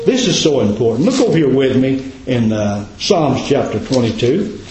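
A man preaching a sermon as a pastor, repeating his points and dropping to a low, hushed voice for emphasis. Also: very animated, moderate pace, soft background music. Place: church. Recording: echoey, dull church recording.

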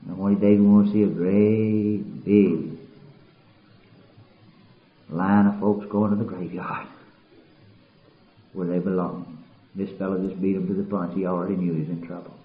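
A man preaching a sermon, swinging between loud impassioned passages and quiet somber ones. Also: sits low, little pitch movement, moderate pace, long pauses. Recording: roomy, dull lo-fi recording.

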